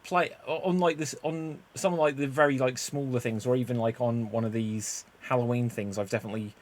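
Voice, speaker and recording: A man's voice: mid-range voice, brisk. Chatty man with "like" fillers. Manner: animated storyteller, lots of "like" and restarts. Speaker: podcast host. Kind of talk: casual podcast chat.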